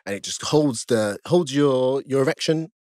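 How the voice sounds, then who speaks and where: Animated man telling a wild story. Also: normal speed, no echo, studio quality. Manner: animated, laughs often, jumps to high pitch acting out his panic. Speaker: podcast guest, stripper and fighter. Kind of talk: casual chat, storytelling.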